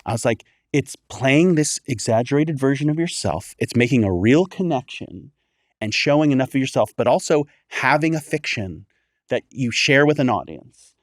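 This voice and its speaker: Animated man telling a story. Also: mid-range voice, normal speed, dry recording, studio quality. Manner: animated storyteller acting out quoted voices. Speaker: guest, clown performer. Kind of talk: casual podcast storytelling.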